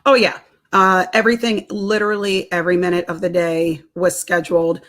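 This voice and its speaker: A woman's voice: on the low side, little pitch movement, brisk, a bit bright. A woman, a nutrition counselor and personal trainer, telling a personal story in a casual interview, laughing often and repeating words as she goes.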